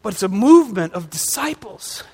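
A man's voice: sits high, big pitch swings, normal speed, dark tone, slightly rough. A man pastor delivering a conversational sermon, asking his congregation rhetorical questions as he goes. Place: church sanctuary. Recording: long reverb of a large hall.

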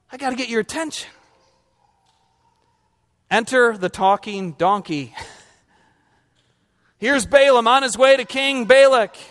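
A man's voice: extremely high pitch, a bit bright, big-room sound. A male pastor preaching a conversational sermon, quizzing his congregation and slipping in humorous asides.

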